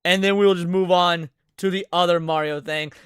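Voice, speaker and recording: A man's voice: high voice, steady tone, brisk, smooth, no room sound. A man streaming live, reacting to clips with brash, profane, emphatic casual commentary into a close mic.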